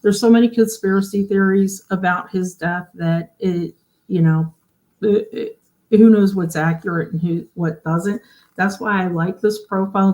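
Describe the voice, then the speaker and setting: A woman with a fairly low, dark-toned voice hosts a casual genealogy livestream. She explains things chattily and frequently poses questions to her viewers.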